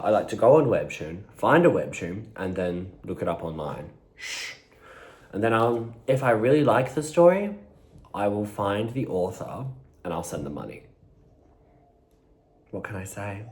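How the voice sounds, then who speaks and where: A man's voice: fairly low pitch, sing-song, normal speed, a little mellow. A man chatting playfully to his viewers while he eats on camera, talking between bites. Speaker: vlogger eating on camera. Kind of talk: casual mukbang chat to viewers.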